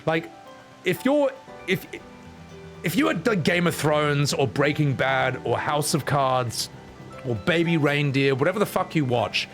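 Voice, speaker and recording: A man's voice: a little high, expressive, unhurried, a bit bright. Aussie guy streaming a game, ranty and sweary, music going under him. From Australia. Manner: blunt opinionated ranting with swearing. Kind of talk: casual gaming commentary.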